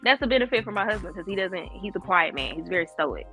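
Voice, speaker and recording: A woman co-hosting a podcast, chatting casually in an animated, emphatic way, laughing often. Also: mid-range voice, fast, soft background music. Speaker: podcast co-host. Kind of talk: casual chat.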